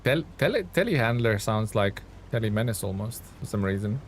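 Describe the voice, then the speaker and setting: This man's voice sits fairly low and moves a little fast, with lively intonation and a bit of background noise. Streaming a game, he talks casually with viewers as he plays, laughing a lot and teasing himself about every slip.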